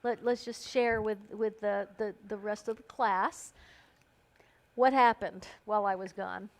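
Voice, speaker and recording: A woman's voice: medium pitch, fairly even intonation, measured pace. A woman hosting a live stream, chatting casually and bubbly as she calls out giveaway winners by name. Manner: bubbly, chatty, playful emphasis on names. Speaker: host.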